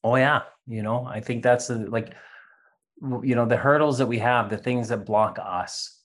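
A man speaking candidly in a video call interview, earnest and halting with many restarts, sometimes acting out voices as he tells a story. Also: mid-range voice, fairly even intonation. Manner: acts out voices in a parable. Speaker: interview guest. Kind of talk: candid conversation about recovery.

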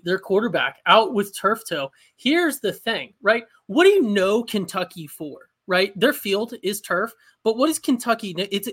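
A man's voice: high-pitched, pushed and bright. A man co-hosting a casual sports podcast, making wry joking asides. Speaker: podcast co-host.

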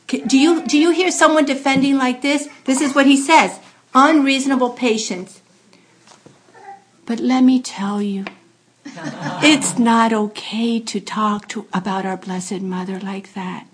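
A woman giving an earnest Catholic faith teaching to a gathering, building at times to loud, laughing emphasis. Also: fairly high pitch, measured pace. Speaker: Catholic lay speaker giving spiritual accompaniment.

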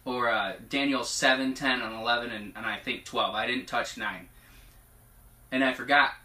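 Bright-voiced man preaching in an echoey room. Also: medium pitch, fairly even intonation, moderate pace. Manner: chatty, laughs often, grows emotional and hushed. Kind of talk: informal prophetic teaching with scripture reading. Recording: echoey room, mic at a distance.

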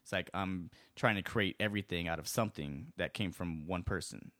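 Man, lowish voice, dry close sound, rambling storyteller, casual podcast chat. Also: a little fast, fairly bright tone, dry recording. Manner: loose storytelling with many fillers and restarts. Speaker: executive director of a DJ school, guest.

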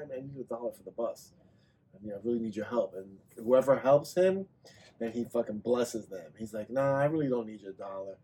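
A man in a casual podcast chat, telling animated stories and swearing freely. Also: medium pitch, brisk, breathy edge. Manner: animated storyteller, swears a lot. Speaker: podcast guest or host.

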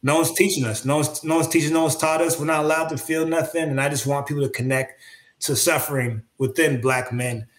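As an interview guest, a creative artist speaks earnestly and reflectively, groping for words with many fillers and restarts. His voice is on the high side, steady, and fairly quick, captured in a roomy, echoing space.

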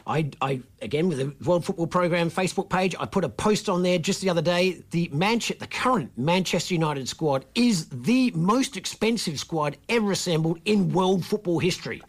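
Australian male radio host, slightly high voice, chatty and self-deprecating, trips over words. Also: lively intonation, moderate pace, hardly any pauses. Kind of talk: casual radio chat. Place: community radio studio.

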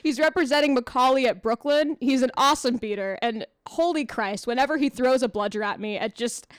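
A young woman hosting a casual podcast from her dorm room, bubbly and quick to hype her guests. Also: sits high, clean tone, no echo, clean studio sound. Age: young adult. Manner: bubbly, laughs often, quick hyped-up intros. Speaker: podcast host. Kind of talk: casual chat.

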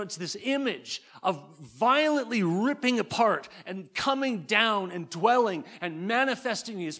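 A middle-aged guest preacher from Alberta, Canada, delivers a sermon earnestly and fervently, often restarting and repeating words. He has a high voice with a fairly bright tone.

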